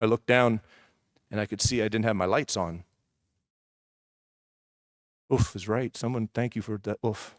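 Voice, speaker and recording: A man's voice: lowish voice, steady tone, fairly quick, no echo. Candid male preacher in a dry church recording. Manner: conversational, candid storytelling with asides. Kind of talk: personal testimony sermon.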